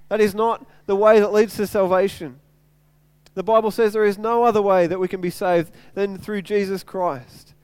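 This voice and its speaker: A man's voice: high-pitched, clear, resonant tone, dry recording. A middle-aged man preaching a sermon in an earnest way, repeating phrases to drive his point home. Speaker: pastor.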